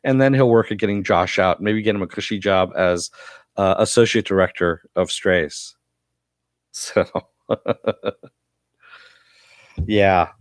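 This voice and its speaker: Guy with a cough rambling thru an episode recap, kinda low voice, dry sound. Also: slow pace, pauses often, dry recording. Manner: rambling with many fillers. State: has a cough. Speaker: TV episode reviewer.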